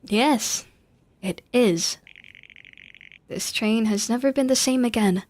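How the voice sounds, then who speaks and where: Speak as a woman playing a weary, grieving male bar boss from a video game: somber and subdued, keeping the tone low and heavy with loss. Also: slow pace, a little mellow.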